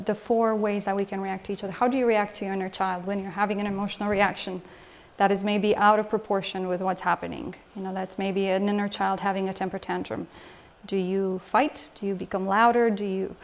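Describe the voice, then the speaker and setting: A woman with a middle-pitched voice leads a lecture as an emotional health coach. She talks to a live group in a room and keeps drawing them in with questions. Her delivery is conversational rather than scripted. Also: steady tone, brisk. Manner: engaging, asks the audience questions. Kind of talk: lecture with audience exchange.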